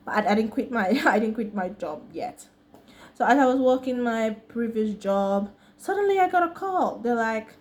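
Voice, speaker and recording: Higher-voiced woman, slangy American storytime. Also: lively intonation, moderate pace, a little mellow. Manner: chatty, slangy, laughs often between sentences. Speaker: vlogger. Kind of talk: casual storytime.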